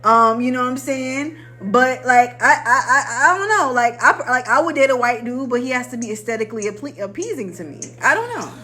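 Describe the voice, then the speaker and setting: A young woman co-hosting a podcast, chatting in an animated, slangy way and laughing easily. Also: on the high side, fairly quick, few pauses. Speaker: podcast co-host. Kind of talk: casual podcast chat.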